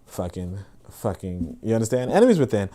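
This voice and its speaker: A man hosting a podcast livestream, reading comments and reacting in casual, animated commentary with swearing and repeated words. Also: lowish voice, fairly quick. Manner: animated, profane, repeats himself. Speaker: podcast host.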